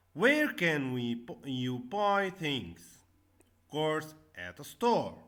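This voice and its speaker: A man teaching a classroom English lesson, repeating each word and stressing the syllables loudly. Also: a little high.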